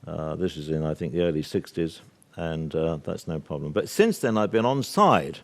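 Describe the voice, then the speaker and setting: A man's voice: extremely low pitch, expressive, normal speed. An older British man giving a public talk to a live audience, assertive and discursive, with many fillers and asides. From Britain. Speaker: speaker at a workshop.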